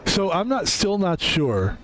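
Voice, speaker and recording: A man's voice: sits high, very animated, unhurried, a bit bright, a little hiss or hum. A man streaming a video game, chatting casually in a rambling, profane, self-deprecating way. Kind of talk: casual rambling gameplay commentary.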